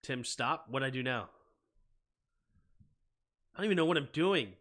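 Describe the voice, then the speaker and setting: A young man hosting a live sports stream, mixing casual chat with excitable football play-by-play that climbs to shouting on big plays. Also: medium pitch, normal speed.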